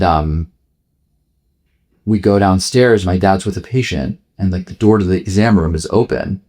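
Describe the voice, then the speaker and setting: Husky, low-voiced man telling his story frankly. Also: darkish tone. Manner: frank, swears freely, acts out quoted dialogue. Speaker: podcast guest. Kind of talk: candid storytelling.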